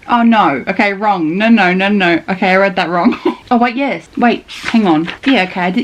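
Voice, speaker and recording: A young woman chatting casually in a reading vlog, reacting excitably with laughs, gasps and swearing. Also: medium pitch, measured pace, creaky, poor audio. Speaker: booktuber.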